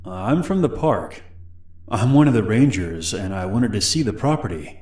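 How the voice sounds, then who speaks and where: A creepy young male stranger from a narrated horror story, speaking quietly and low, with a friendliness that never reaches his words, as a male narrator puts him on. The voice sits deep and hushed. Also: lively intonation, normal speed, reverberant, close to an everyday voice. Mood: falsely friendly. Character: creepy smooth-talking young man stranger.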